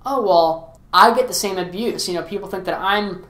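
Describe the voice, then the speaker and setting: A man's voice: high-pitched, moderate pace, a bit bright. A man doing a blunt little girl. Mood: sympathetic. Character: wary, clever little girl. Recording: echoey room.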